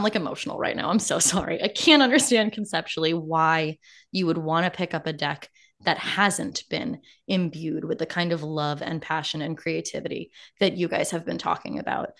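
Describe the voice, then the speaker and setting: A woman's voice: deep voice, vocal fry, fairly bright tone. A woman hosting a podcast in casual chat over a remote call, effusive and emotional and laughing often. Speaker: podcast host.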